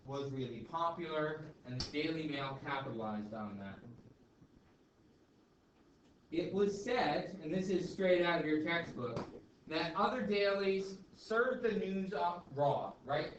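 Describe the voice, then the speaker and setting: Guy teaching a class, chatty, keeps saying okay and right, echoey room, kinda distant and noisy. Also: a little high. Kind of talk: classroom lecture. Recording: echoey classroom, far mic, dull and noisy.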